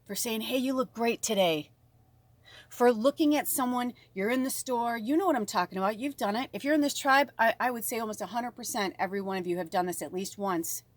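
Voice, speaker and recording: A woman's voice: on the high side, a little fast, dry recording. A woman giving an emotional spiritual card reading, speaking straight to her viewers with a gushing manner. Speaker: tarot reader.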